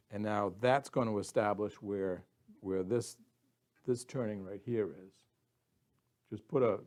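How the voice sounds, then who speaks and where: A man's voice: lowish voice, warm tone. A man demonstrating woodturning, explaining his steps in a folksy way and restarting words as he thinks aloud. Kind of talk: instructional demo explanation.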